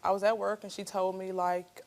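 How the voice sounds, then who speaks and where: A woman's voice: medium pitch, little pitch movement, moderate pace, creaky. A woman in her thirties speaks as a talk show guest in a mid-range voice. She tells her story casually and chattily, laughs often, and restarts her sentences as she goes. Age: 30s.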